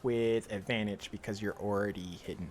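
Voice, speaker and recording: A man running a tabletop game as dungeon master, playful and quick to laugh. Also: lowish voice, slight background noise. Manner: laughs often, lively and playful.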